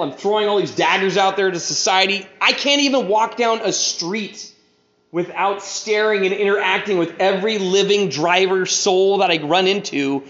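A man's voice: sits high, a bit bright. Man, casual storyteller, rambling and full of fillers, in an echoey room. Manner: rambling, heavy on "you know", acts out quoted people. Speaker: speaker sharing his recovery story. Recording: echoey room, dull lo-fi sound.

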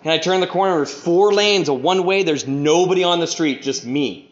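A man's voice: a little high, normal speed. Rambling man telling his story, echoey room. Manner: rambling, heavy on "you know", acts out quoted people. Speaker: speaker sharing his recovery story. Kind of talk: casual storytelling. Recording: echoey room, dull lo-fi sound.

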